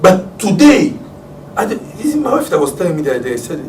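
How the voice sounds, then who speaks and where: Congolese pastor preaching in an echoey room. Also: male voice, high voice, quick pace. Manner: storytelling, acts out family scenes with loud excited shouts and laughter. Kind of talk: sermon. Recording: echoey room, distant mic, faint background hiss.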